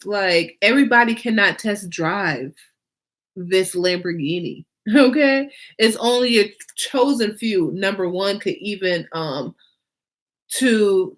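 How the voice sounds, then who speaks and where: Woman vlog host, unhurried, emphatic casual monologue with repeated lines and rhetorical questions. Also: medium pitch. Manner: emphatic and animated, with many rhetorical questions and fillers. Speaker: fashion designer and vlog host.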